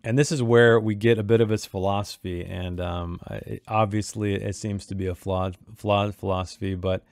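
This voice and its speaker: Guy with a low gravelly voice rambling thoughtfully about his own story, dry sound. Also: fairly even intonation, moderate pace, few pauses, a little mellow, no room sound. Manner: reflective, thinking aloud with many restarts. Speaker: author discussing his own short story. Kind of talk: casual commentary on his writing.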